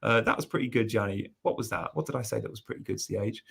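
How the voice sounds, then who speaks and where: A man's voice: fairly low pitch, quick pace, vocal fry, a bit bright, breathy edge. A man from England hosting a casual live stream, chatting and reading out viewer messages. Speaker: host.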